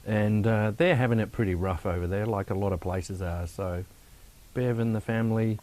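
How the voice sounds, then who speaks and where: Teasing man, lower voice. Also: moderate pace, darkish tone. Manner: teasing, banter. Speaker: co-host. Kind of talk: casual chat.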